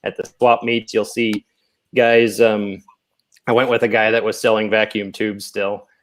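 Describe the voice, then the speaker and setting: A man's voice: fairly low pitch, flat delivery, measured pace. A man chatting casually as a guest, explaining radio with many fillers and restarts. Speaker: guest ham radio expert. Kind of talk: casual panel chat.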